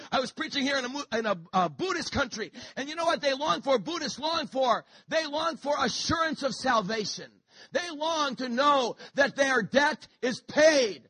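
High-pitched, shouting preacher. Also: male voice, moderate pace, no room sound. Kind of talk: sermon. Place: church.

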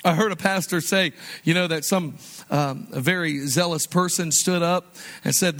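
A man with a fairly high voice preaching a sermon. His delivery is conversational and animated, swinging between emphatic rises and soft, quiet asides. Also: moderate pace. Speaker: pastor.

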